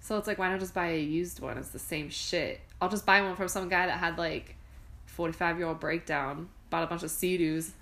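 A woman's voice: lowish voice, fairly even intonation, fairly quick, vocal fry, fairly bright tone. A young woman co-hosting a podcast in casual chat, joking, swearing and laughing as she riffs. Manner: laughing, swearing, playful riffing. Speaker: podcast co-host.

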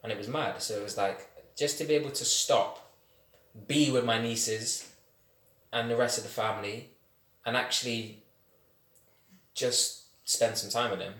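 Man, podcast guest, lively storyteller, roomy echo on the mic. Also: medium pitch, a little slow, long pauses. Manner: animated, laughs often, slangy storytelling. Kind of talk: casual chat. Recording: echoey room.

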